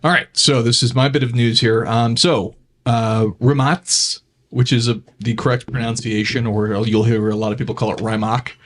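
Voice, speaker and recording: A man's voice: mid-range voice, little pitch movement, a little fast, few pauses. A man co-hosting a car podcast, explaining car news in an easygoing way with plenty of fillers. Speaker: podcast co-host. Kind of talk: casual car news chat.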